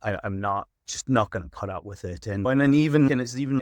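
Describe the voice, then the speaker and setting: A middle-aged man with a low voice tells workplace stories in a relaxed interview. Now and then he slips into a firm, stern tone as he replays what he said to difficult clients. The sound is dry and close, with no room around it. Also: moderate pace, hardly any pauses, no echo. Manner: acts out his own stern warnings to clients. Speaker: veterinary practice manager, guest. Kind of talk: casual storytelling interview.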